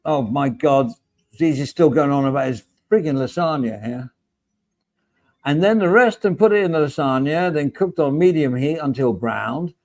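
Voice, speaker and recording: A man's voice: a little high, expressive, moderate pace, no room sound, poor audio. Chatty male livestream host, dry sound. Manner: chatty, jokey, addresses viewers by name. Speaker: livestream host reading chat. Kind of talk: casual live chat.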